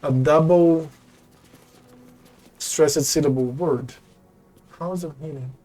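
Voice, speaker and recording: A man streaming a video game, talking to his chat in casual commentary, thinking aloud, getting excited and swearing often. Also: on the high side, slow. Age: adult, former teacher. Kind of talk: casual live gameplay commentary.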